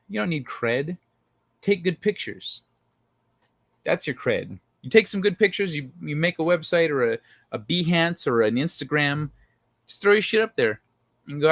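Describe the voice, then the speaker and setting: Lively, profane male livestream host. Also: on the high side, moderate pace, vocal fry, dry recording. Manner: loose, profane, joking with chat. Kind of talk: casual livestream chat reading viewer comments.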